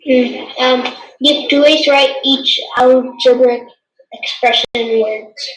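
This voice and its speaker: A woman's voice: sits high, fairly even intonation, slow, fairly bright tone, echoey room, low-quality recording. A tired female student answering algebra questions on a video call, hesitant and correcting herself. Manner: hesitant, with fillers and self-corrections. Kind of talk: answering in a tutoring session.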